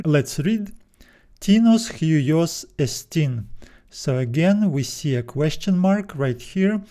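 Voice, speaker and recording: A man teaching a video lesson, patiently explaining and slowing down to spell out words. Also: fairly high pitch, mellow. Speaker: Greek teacher.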